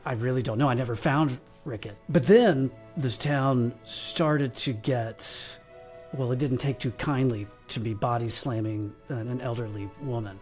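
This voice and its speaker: A man playing a slow, burly bounty hunter, telling a long story in character at a tabletop game, with halting restarts. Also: medium pitch, a little mellow. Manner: rambling, halting delivery with restarts. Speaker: player.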